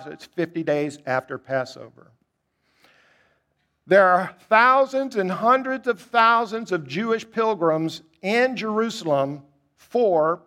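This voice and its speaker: Delivering a forceful sermon, a male preacher asks rhetorical questions, pushing his voice up on the main points and letting it fall soft and low in reflective moments.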